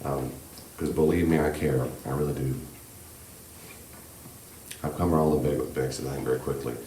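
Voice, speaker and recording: Male church class teacher, extremely low voice, gentle and reassuring, conversational, echoey room. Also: fairly even intonation, moderate pace. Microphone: handheld microphone. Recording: echoey room with faint background hiss.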